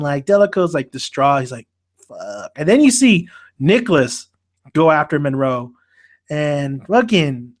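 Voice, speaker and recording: A man hosting a casual podcast about an anime, talking animatedly and swearing a lot as he acts out the characters' lines. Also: a little high. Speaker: podcast host.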